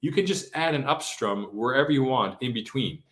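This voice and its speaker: A man's voice: mid-range voice, expressive, brisk, a bit bright. Casual man teaching guitar strumming. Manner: casual, repeats "okay?", counts beats aloud. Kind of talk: live-streamed guitar lesson. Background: his own acoustic guitar strumming.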